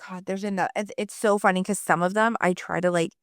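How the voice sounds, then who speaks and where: A woman's voice: on the low side, steady tone, fairly quick, no echo, studio quality. A woman in her forties co-hosting a podcast, talking in a rambling, casual way with lots of fillers and the odd swear. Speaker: podcast co-host; mother. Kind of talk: casual chat.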